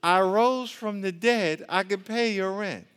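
A man preaching in an echoey hall voices a calm divine savior, reassuring slowly and evenly. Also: sits high, clear, resonant tone.

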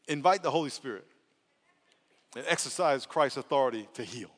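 A male pastor preaching a lively, playful sermon that swings from soft asides to loud outbursts. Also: fairly high pitch, moderate pace, pauses often. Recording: long hall reverb.

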